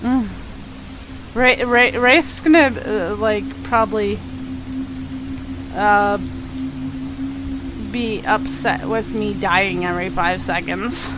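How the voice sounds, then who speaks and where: A woman's voice: medium pitch, slow pace, pauses often, over music, rough recording. A woman streaming a game live, chatting with viewers and yelping panicked no's. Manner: animated, chatty, yelps panicked repeated no's. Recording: steady rain noise behind the voice.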